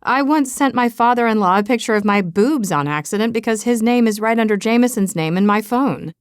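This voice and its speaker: A woman's voice: fairly high pitch, expressive, a little fast, smooth, dry recording, natural voice. A woman voicing a teasing, blunt young woman friend in an audiobook, breezy and unbothered. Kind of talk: audiobook dialogue reading.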